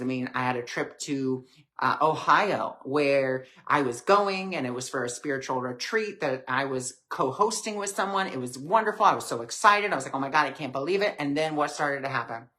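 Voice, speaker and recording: A man hosting a live stream, giving a reflective spiritual talk with gentle, repetitive phrasing and many fillers. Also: mid-range voice. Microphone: webcam or phone on a live stream.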